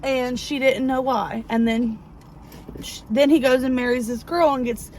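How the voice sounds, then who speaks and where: A woman, chatting excitedly and rambling with many fillers as she recaps a romance novel. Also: sits high, measured pace, slight background noise, low-quality recording. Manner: gushing, rambling, lots of fillers. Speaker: book vlogger. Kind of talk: casual book review chat. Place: outdoors near a parking lot.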